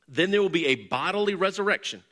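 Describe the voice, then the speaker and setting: A man delivering a teaching sermon, his voice bright and a little high. He explains earnestly and steadily, building up emphasis when he reaches the key points. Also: lively intonation, fast talker. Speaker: pastor or teacher.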